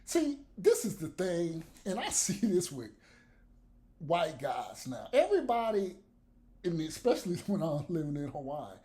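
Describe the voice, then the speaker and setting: Male vlogger for an unfiltered rant: mellow tone, swooping lively delivery, blunt and profane. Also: fairly high pitch, measured pace. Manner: blunt, profane, laughs between points. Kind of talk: profane ranting commentary to camera.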